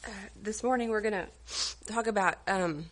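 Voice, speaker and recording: A woman, leading a church devotional, tearful and halting, with many fillers. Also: medium pitch. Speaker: women's church group leader.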